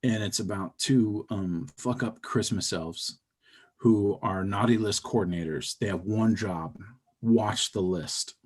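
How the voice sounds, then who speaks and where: A man talking as a podcast guest about his comics, in rambling, animated storytelling with many fillers. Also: on the low side, unhurried. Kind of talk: casual chat.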